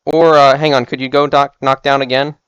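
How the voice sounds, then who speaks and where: A man playing in a tabletop game over voice chat, quick with joking asides. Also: medium pitch, level tone, a bit bright, smooth, no echo. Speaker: player. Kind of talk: casual online game chat. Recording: dull, dry lo-fi mic.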